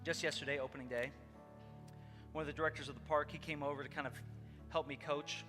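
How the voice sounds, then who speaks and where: Here a preacher with a slightly high voice and fairly even intonation talks quickly, recounting a personal story earnestly and speaking straight to the congregation. The sermon is conversational, recorded with long hall reverb over loud background music.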